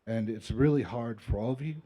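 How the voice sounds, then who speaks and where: A man speaking on a panel, halting and full of fillers and restarts. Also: mid-range voice, very noisy. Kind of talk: casual spoken remarks.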